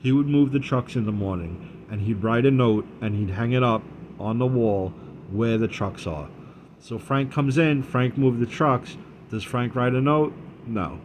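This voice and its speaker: A man talks at an ordinary, middle pitch. He wanders through an everyday story, circling back and cursing casually. A faint room ambience sits behind his voice. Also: measured pace, a little mellow, a little hiss or hum. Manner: rambling, repeats himself, swears freely, laughs through the telling. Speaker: vlogger. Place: dining room at home.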